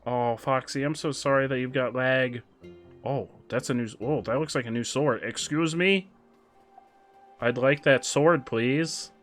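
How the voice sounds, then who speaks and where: A man streaming a game, chatting casually with viewers, excitable and quick with asides. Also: mid-range voice, soft background music. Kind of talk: casual gameplay chat with viewers.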